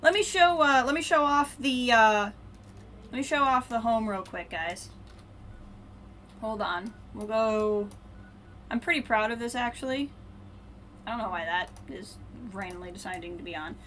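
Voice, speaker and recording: A woman streaming a video game, thinking aloud and muttering to herself, then brightly greeting her viewers. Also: on the high side, moderate pace, long pauses, a little hiss or hum. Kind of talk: casual live-stream chat while playing.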